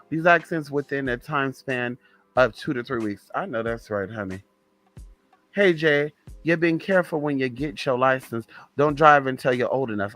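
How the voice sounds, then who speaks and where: A young man from the Southern US, hosting a casual live stream, who talks in a sassy, flamboyant way, calls his viewers honey and drops into low muttered asides. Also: fairly bright tone.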